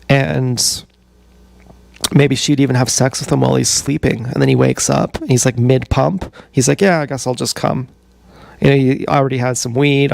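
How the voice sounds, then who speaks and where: A man telling a long, meandering personal story on a livestream, halting and full of fillers. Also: mid-range voice, gravelly, a little mellow, no room sound. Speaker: streamer. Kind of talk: rambling livestream monologue.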